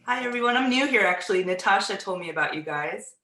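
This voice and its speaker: A woman's voice: mid-range voice, animated, quick pace, gravelly, roomy sound, noisy background. A woman from the American South, a therapist, introducing herself in a rambling, self-deprecating way on a video call.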